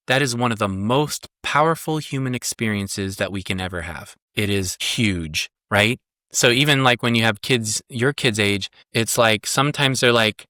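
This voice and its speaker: Bright-voiced, earnest male therapist. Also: on the low side, normal speed, dry recording, studio quality. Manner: earnest, emphatic, repeats key points. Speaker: psychotherapist and parenting coach, guest. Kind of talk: podcast interview.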